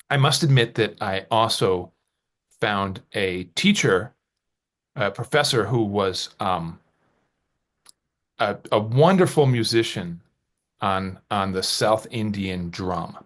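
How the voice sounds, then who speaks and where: Rambling low-voiced man telling a story. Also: fairly bright tone. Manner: rambling, self-deprecating, hesitant storytelling. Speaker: podcast co-host. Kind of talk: casual podcast chat.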